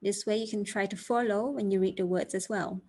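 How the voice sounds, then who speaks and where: A woman teaching an online English pronunciation lesson, enunciating words slowly and carefully so viewers can repeat them. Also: medium pitch, steady tone, warm tone. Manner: slow, careful enunciation, modeling words for repetition.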